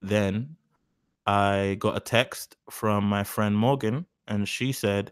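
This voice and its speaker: A man's voice: lowish voice, fairly even intonation, slow pace, clean tone, no room sound, clean studio sound. A young man in his twenties hosting a live stream, talking in a rambling, profane, self-mocking way on a cheap mic. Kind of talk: casual live stream chat. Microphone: cheap mic said to sound bad.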